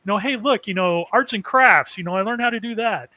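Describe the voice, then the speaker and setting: A man's voice: sits high, fairly quick, pushed and bright, no echo, dull audio. A man voicing an earnest, bookish young girl who eagerly explains herself.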